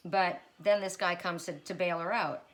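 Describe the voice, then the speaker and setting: A woman's voice: on the low side, steady tone, normal speed, a bit bright. A woman giving a casual spoken card reading, retelling a fairy tale in a chatty way with many restarts and asides. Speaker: tarot reader.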